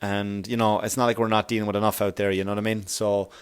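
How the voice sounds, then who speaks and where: A man's voice: fairly low pitch, flat delivery, fast talker, clear, resonant tone. A man hosting a solo comedy podcast, rambling and swearing, and getting heated as he goes. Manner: rambling, profane, gets heated. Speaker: podcast host.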